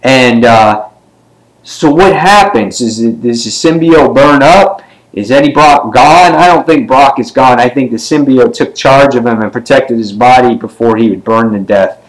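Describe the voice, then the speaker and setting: A man giving a casual comic book review, retelling the story in a rambling way with many fillers and sometimes jumping up in pitch to act out a character's line. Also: measured pace, poor audio. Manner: briefly acts out characters' lines with pitch jumps.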